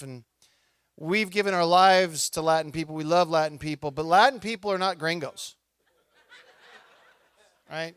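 A middle-aged man preaching a sermon in a conversational, animated way, acting out the people in his stories. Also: high voice, clear, resonant tone, no room sound. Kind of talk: sermon with personal storytelling.

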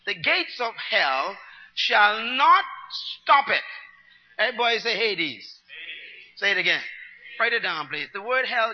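A man preaching a sermon, teaching his congregation, going from quiet muttered asides to loud, driving declarations. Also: high-pitched. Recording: dull long-reverb hall sound.

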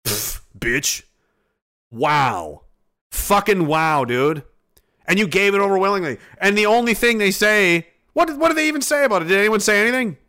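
A man's voice: high voice, lively intonation, moderate pace, pushed and bright. A Canadian man on a live stream, ranting angrily about politics in a profane, heated way. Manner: profane, heated, mocking voices of others. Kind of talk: angry political rant.

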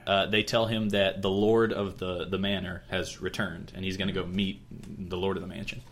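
A young man with a fairly low voice hosts a casual podcast, retelling a plot in a loose, rambling way. He fills gaps with fillers and drops into short quoted voices as he goes. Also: level tone, moderate pace, fairly bright tone. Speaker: podcast host.

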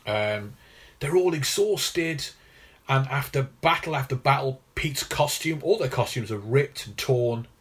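Measured man explaining comic lore. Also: medium pitch, lively intonation. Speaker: podcast co-host. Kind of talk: casual film and comics chat.

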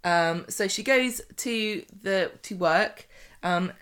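A woman co-hosting a casual podcast chat, animated and laughing often, often trailing off mid-sentence. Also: mid-range voice, takes it slowly, smooth. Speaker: podcast co-host. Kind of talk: casual chat about a soap.

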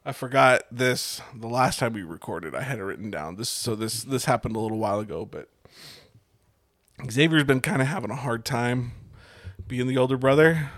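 A man's voice: mid-range voice, animated, normal speed, fairly bright tone, no echo, clean studio sound. A man in his thirties, a podcast co-host, chatting casually and swearing freely as he tells stories. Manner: profane, laid-back storytelling. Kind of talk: casual chat.

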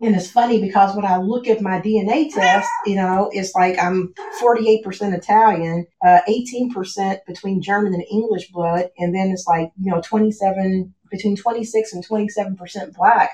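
An American woman reflects on her background as a guest in a casual conversation at home with a cat, leaning heavily on "you know" and "like." Her medium-pitched voice is dark and steady, moderately paced with hardly any pauses, and the recording has a roomy echo.

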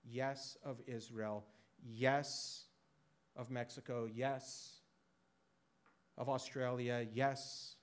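A man voicing the apostle Paul in a sermon, speaking softly and earnestly. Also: little pitch movement, extremely slow, long pauses. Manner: soft, low and earnest.

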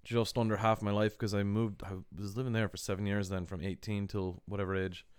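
A man's voice: lowish voice, flat delivery, brisk, clear, resonant tone, no echo, clean studio sound. A man in his thirties with a mixed Irish and American accent, co-hosting a casual podcast chat and rambling through stories with restarts and casual swearing. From born in the United States, raised in the west of Ireland. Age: 30s. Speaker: podcast co-host.

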